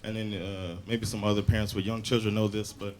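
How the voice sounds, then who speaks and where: A man doing loose, animated stand-up comedy on a club stage into a handheld mic. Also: lowish voice, a little fast. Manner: loose, animated, acts out scenes. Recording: live club, audience laughter.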